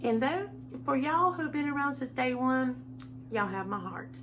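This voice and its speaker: A middle-aged woman chatting warmly and rambling to her home-video viewers. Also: high voice, animated, measured pace, background noise. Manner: chatty, rambling, heartfelt, says y'all a lot. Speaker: home decor vlogger. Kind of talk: casual chat to camera. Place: at home, indoors.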